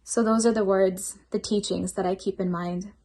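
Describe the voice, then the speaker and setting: A woman's voice: medium pitch, fairly even intonation, moderate pace, dark tone. A woman shares a personal testimony at a devotional program. She speaks earnestly and reflectively, as a healthcare worker who works night shifts.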